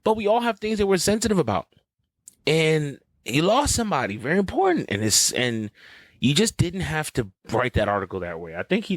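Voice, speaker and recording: Male podcast host, profane and blunt, lively swinging pitch, dry close sound. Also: dry recording, rough recording. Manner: blunt, profane, animated ranting. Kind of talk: casual sports commentary.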